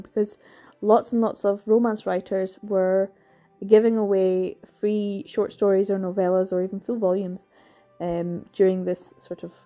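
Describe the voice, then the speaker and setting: A woman's voice: mid-range voice, warm tone. A woman, chatting casually and enthusiastically about books she has read, with lots of fillers and little laughs. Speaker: book reviewer. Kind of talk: casual chat.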